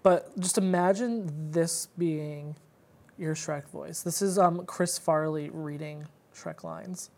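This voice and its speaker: A woman's voice: low voice, fairly even intonation, slow, creaky, darkish tone. A woman co-hosting a podcast in casual chat, reeling off facts and figures in a chatty way. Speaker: podcast co-host.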